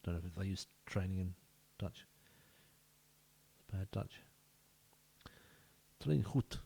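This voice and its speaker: Slow-talking jokey man. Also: low voice, level tone, mellow, slight background noise. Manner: jokey, banters with in-game players. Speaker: gaming video host. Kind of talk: casual let's-play commentary.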